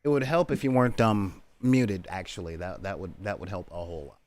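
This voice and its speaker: A man's voice: sits low, a little fast, darkish tone, dry recording. A sleep-deprived man hosting and running a tabletop role-playing stream, joking and rambling and often tripping over his words. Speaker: host and game master. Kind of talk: casual streamed tabletop game intro.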